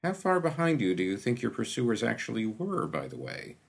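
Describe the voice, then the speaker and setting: A man's voice: mid-range voice, huge pitch swings, fairly quick, creaky, breathy edge, heavily acted. A man voicing a dry, pompous physician who speaks in a precise, wordy, drawling way. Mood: dry, unruffled. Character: dry, pompous middle-aged male physician.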